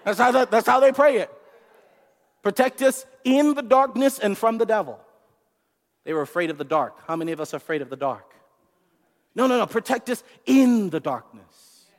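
A man preaching a sermon in an animated way, repeating words and asking the congregation questions. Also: sits high, moderate pace, pauses often. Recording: long hall reverb.

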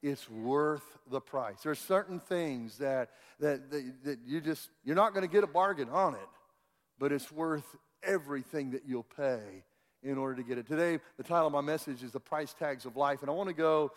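A man's voice: a little high, moderate pace. A male pastor preaching a sermon, telling a folksy story with many restarts before reading scripture to the congregation. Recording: long hall reverb.

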